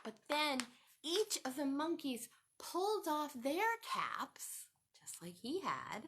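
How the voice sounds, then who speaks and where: Lively woman reading a picture book aloud. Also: high-pitched, slow. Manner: animated, asks children questions, sing-song. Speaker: children's storytime reader.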